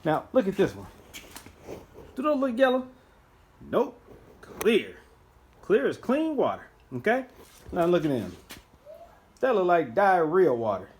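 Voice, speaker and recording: A man talking viewers through a car repair in a casual how-to vlog, recorded on a handheld phone. He speaks to them directly and chats along, and now and then bursts into loud excitement. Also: fairly low pitch, slight background noise. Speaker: DIY car repair vlogger. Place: working on a car, by its headlight.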